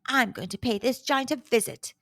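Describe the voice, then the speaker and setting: A woman's voice: a little high, moderate pace, a bit bright, dry recording, studio quality. A woman voicing an eager, hungry young boy hero in a storybook reading.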